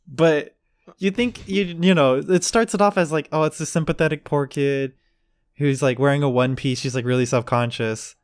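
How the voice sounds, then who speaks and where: A man's voice: fairly high pitch, moderate pace, smooth, dry recording. Casual podcast co-host, male, chatty storyteller who does the quotes, dry sound. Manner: rambling, acts out quotes with voices. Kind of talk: casual chat.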